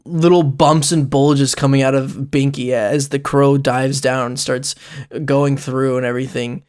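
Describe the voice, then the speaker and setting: A man's voice: medium pitch, level tone, measured pace, darkish tone, smooth. A young man narrating as game master, rambling and giggly with many fillers.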